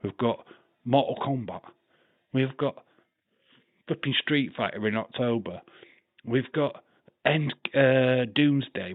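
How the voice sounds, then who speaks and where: A man's voice: mid-range voice, slow, long pauses, no echo, phone-quality sound. A man with a Yorkshire accent hosting a live watch-along, chatting casually, laughing often, swearing and reading chat messages aloud. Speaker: livestream host.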